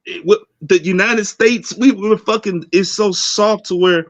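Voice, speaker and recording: A man's voice: sits high, normal speed, dry recording. A man, talking in a fired-up, profane way in a casual barbershop chat. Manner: profane, fired-up, repetitive restarts. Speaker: podcast co-host. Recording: dull lo-fi sound.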